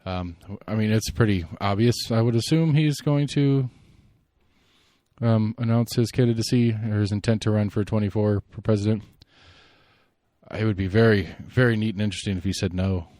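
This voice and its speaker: A man hosting a solo podcast, giving rambling, opinionated political commentary and thinking out loud. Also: fairly low pitch, steady tone, normal speed, no room sound, clean studio sound. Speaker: podcast host.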